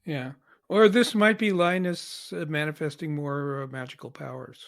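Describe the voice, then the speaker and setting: A man's voice: a little high, fairly even intonation, normal speed, creaky, a bit bright. A man co-hosting a podcast, chatting casually and thinking aloud with questions. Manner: thoughtful, asks questions. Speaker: podcast co-host. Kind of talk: casual chat.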